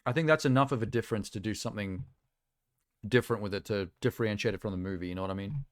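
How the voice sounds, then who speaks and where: A man's voice: on the low side, rapid-fire, no room sound, studio quality. A man streaming casual reaction chat, rambling and offhand with lots of fillers, talking around a sour lolly in his mouth.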